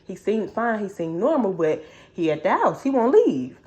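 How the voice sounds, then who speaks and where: A woman voicing a frightened young wife, talking low and frantic in a casual book recap. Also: very animated, moderate pace, warm tone, lo-fi sound, natural voice.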